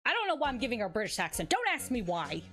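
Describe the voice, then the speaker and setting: A woman's voice: a little high, huge pitch swings, racing, a bit bright, soft background music. A woman streamer chatting casually while playing a game, distracted and laughing easily. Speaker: streamer voicing all characters. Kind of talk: casual live-stream chat.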